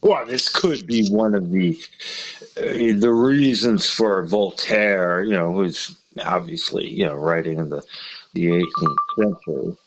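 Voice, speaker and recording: Irish man, halting casual chat. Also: on the low side, animated, creaky, low-quality recording. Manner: hesitant, many restarts and fillers. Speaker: podcast co-host.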